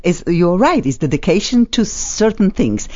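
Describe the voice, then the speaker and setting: A woman hosting a talk show with excitable, effusive, slightly non-native phrasing. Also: on the low side, moderate pace. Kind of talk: casual chat. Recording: slightly dull lo-fi sound.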